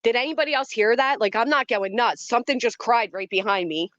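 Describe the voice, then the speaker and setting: A woman's voice: on the high side, a little fast, fairly bright tone, no echo. A woman hosts a casual livestream from outside, talking straight to her chat. Her reactions are dramatic and easily startled. The sound is dry and a little muffled. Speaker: livestream host. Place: outdoors in a yard by trees.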